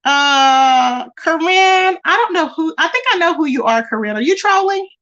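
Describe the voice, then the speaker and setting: A woman's voice: very high voice, lively intonation, normal speed, a bit bright, highs cut off. A woman hosting a casual live stream, chatting with viewers and reading their comments, calling them baby and child.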